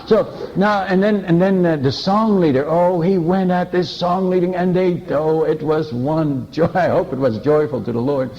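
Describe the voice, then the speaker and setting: A man preaching as a missionary, telling stories in an animated way, chuckling and restarting often. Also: fairly high pitch, normal speed, hardly any pauses, muffled recording. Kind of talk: anecdotal sermon storytelling.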